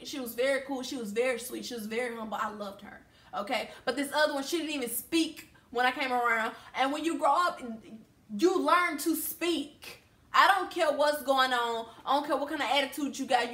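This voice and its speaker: A woman's voice: sits high, a bit bright. A young woman from Louisiana telling a storytime to camera in a blunt, heated, emphatic way. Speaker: vlogger. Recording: echoey room.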